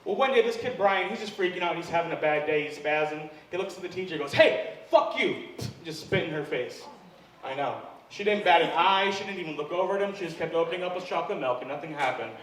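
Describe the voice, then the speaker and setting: A man's voice: a little high, fast, a bit bright. A man doing a stand-up set, self-deprecating and chatting with the crowd, laughing between jokes. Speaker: stand-up comedian. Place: comedy club stage. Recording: echoey live room from far off, noisy.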